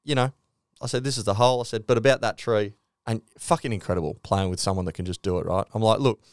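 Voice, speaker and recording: A man's voice: lowish voice, quick pace, no room sound, clean studio sound. An Australian man co-hosting a podcast, telling stories in casual sports chat, swearing freely and acting out what others said. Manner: storytelling, swears freely, acts out quotes. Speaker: podcast co-host.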